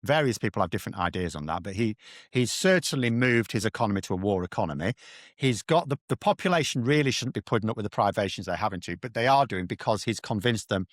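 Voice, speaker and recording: A British man analysing politics in casual talk, his low voice dry and close. He is blunt and animated, tossing in slang and quick mimicry. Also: dry recording. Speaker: political commentator.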